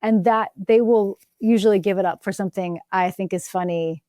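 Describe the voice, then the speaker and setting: Quick-witted woman with Philadelphia accent. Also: medium pitch, dry recording, studio quality. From Philadelphia area, US. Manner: quick-witted, animated storytelling with playful voices. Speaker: guest. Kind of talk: casual podcast chat.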